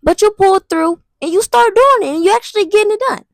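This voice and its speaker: A woman's voice: very high-pitched, fast talker, dry recording. A young woman telling a dramatic, slangy storytime vlog. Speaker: vlogger. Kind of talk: casual storytime monologue.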